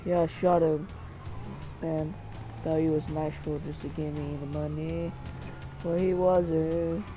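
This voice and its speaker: A man with a high voice talks through his solo game run at an unhurried pace, muttering to himself and swearing whenever it goes wrong. Loud game noise runs under his voice the whole time. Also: poor audio. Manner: excitable, mutters and curses at the game. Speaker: gamer. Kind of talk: solo gameplay commentary.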